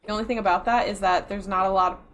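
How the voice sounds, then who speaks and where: A woman from Upper Michigan with a Yooper accent, chatting casually as a streamer while gaming. Her words sound round, her consonants are soft, and she rambles and laughs often. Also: medium pitch, steady tone, fast talker, slight background noise. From Upper Michigan, USA. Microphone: close desk mic.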